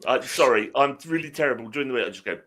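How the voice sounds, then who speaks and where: Man, cheeky, blunt, jokey co-host, lively swooping pitch. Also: very fast. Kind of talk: casual chat show.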